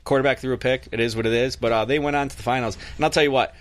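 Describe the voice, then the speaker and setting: A man's voice: medium pitch, steady tone, rapid-fire. A man telling long rambling stories in casual chat on a podcast. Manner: rambling storyteller, laughs at own stories.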